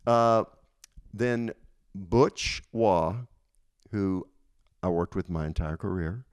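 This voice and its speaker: Smooth low-voiced man in his sixties. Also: slow. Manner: rambling anecdotes with frequent restarts. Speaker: guest, music industry veteran. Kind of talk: casual interview storytelling.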